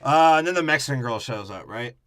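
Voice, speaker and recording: Bright-voiced ranting man on a podcast. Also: mid-range voice, expressive, brisk, dry recording. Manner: ranting, profane, mocking. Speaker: podcast co-host. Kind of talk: casual crude movie-review banter.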